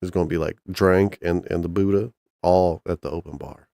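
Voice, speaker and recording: A man's voice: deep voice, steady tone, normal speed, creaky, mellow, no echo. A man casually chatting on a stream, rambling and joking crudely with lots of restarts. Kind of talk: casual profane chat with chat and co-host.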